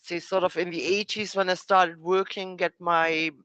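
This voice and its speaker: A man's voice: high-pitched, level tone, normal speed, bright, forceful tone, clear, resonant tone, dry recording, dull audio. A middle-aged man with a German accent, chatting as a guest on a live call, thoughtfully explaining words with examples. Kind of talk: casual livestream chat.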